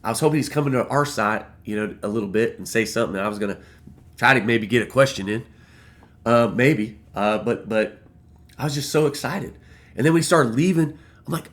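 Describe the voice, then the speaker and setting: A man casually telling a personal story to camera, emotional and excitable, swearing freely. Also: mid-range voice, brisk. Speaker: vlogger.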